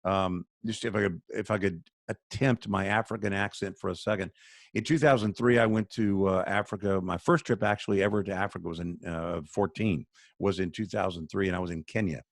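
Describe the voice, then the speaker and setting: Male charity spokesman, earnest and sermon-like, lower voice, dry video-call sound. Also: steady tone, fairly quick, creaky, no echo. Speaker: charity spokesman, radio guest.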